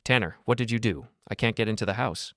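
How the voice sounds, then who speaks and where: Male narrator doing a panicked, demanding wife, pitched up, urgent and frantic. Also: fast talker, fairly bright tone, no room sound, clean studio sound.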